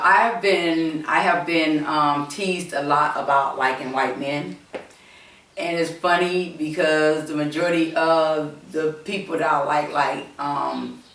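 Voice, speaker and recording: A woman's voice: deep voice, a bit bright. A woman vlogger chatting casually to her viewers, rambling and hesitant, with many fillers and repeated words. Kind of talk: casual rambling chat to camera. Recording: echoey room, mic set far off.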